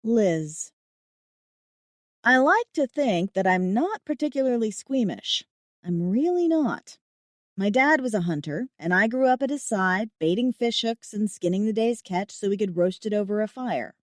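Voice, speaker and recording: A woman's voice: medium pitch, animated, measured pace, no room sound, studio quality. A woman giving brash, wry first-person audiobook narration.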